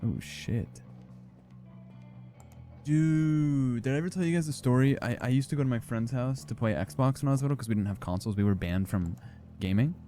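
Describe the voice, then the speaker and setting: A man's voice: medium pitch, moderate pace, warm tone, soft background music. A young man streaming a game, rambling and joking, with lots of fillers and swearing. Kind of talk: casual gameplay commentary.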